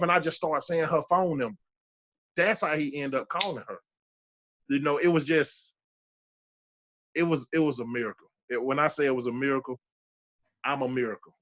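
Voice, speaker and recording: A man's voice: on the high side, normal speed, pauses often, a bit bright, highs cut off. A man in his thirties telling his personal survival testimony as a podcast guest, emphatic and repeating key phrases for weight. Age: 30s.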